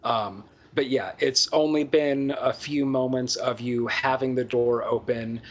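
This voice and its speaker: A man narrating as dungeon master in a casual game session, pausing often with ums and restarting his sentences. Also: mid-range voice, steady tone. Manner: hesitant, many ums and restarts.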